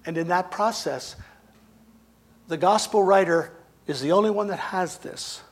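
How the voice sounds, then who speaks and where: Male preacher, husky tone, dramatic sermon delivery with big swings in loudness. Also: high-pitched, measured pace. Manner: dramatic, swings between emphatic and hushed.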